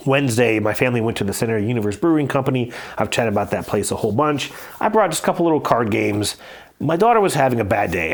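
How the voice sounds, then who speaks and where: Male podcast host, mid-range voice, casual and animated storyteller. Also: mid-range voice. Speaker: podcast host reviewing board games. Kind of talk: casual chat.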